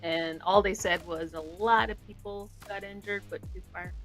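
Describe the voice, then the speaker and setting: A woman's voice: mid-range voice, steady tone, moderate pace, a bit bright, soft background music. A pregnant woman chatting casually on a livestream, hiccuping and using filler words like like.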